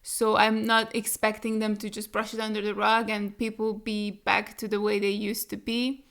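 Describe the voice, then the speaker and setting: A woman's voice: medium pitch, completely flat delivery, normal speed, vocal fry, fairly bright tone. A young woman hosting a casual reaction video, rambling emotionally and swearing freely as she chats.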